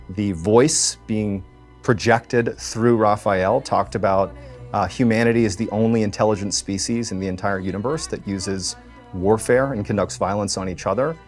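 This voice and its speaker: A man telling a strange story in a casual, conversational way, with many fillers. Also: fairly low pitch.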